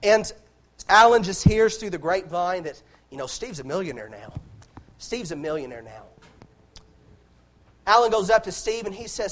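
A man's voice: high-pitched, big pitch swings, normal speed, pauses often, fairly bright tone. A man preaching a sermon in an impassioned way, repeating phrases and restarting lines as he builds.

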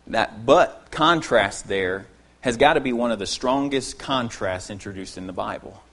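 Speaking at normal speed in a mid-range voice, a man preaches an expository sermon. He stays earnest and emphatic, hammering and repeating key phrases, then slipping into quieter asides.

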